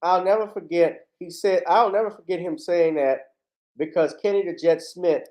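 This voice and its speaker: Male livestream host, fairly high voice, blunt, indignant, foul-mouthed. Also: moderate pace, darkish tone. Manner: indignant and blunt, swears freely. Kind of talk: heated commentary.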